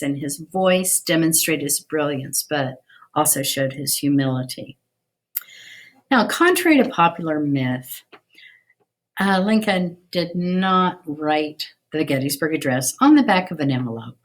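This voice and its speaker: A middle-aged woman giving a casual video history lesson, chatty, with many ums and restarts. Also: deep voice. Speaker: teacher.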